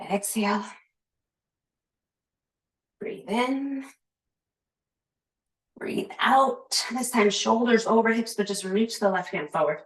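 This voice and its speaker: A woman teaching a yoga class, calling out poses and breath cues with chatty, laughing asides. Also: medium pitch. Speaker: yoga instructor. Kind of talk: guided yoga class cueing. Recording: echoey room.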